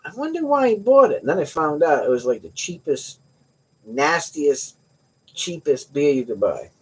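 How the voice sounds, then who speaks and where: A man's voice: fairly high pitch, big pitch swings, normal speed, slightly rough. A middle-aged man hosting a livestream, chatting casually with viewers and telling rambling, joking stories. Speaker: livestream host.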